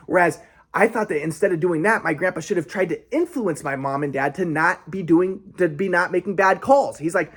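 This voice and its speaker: A man's voice: fairly high pitch, brisk. A young man telling a rambling personal story in a casual monologue, with many restarts and quoted asides.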